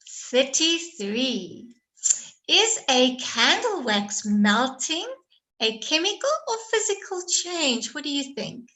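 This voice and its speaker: A woman teacher leads her class through a quiz and keeps praising them. Her voice sits high and sounds bright, and she takes her time, spacing out each question. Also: expressive, slow, low-quality recording. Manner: encouraging, praising students. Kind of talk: online quiz lesson.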